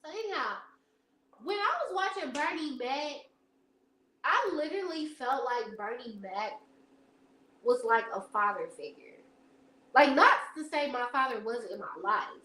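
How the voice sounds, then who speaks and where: Young woman, high voice, chatty rambling livestream host, roomy echo. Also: expressive, a little slow, long pauses, bright, forceful tone. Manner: chatty, rambling, laughs often, addresses viewers as y'all. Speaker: live stream host. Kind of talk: casual storytelling chat. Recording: echoey room.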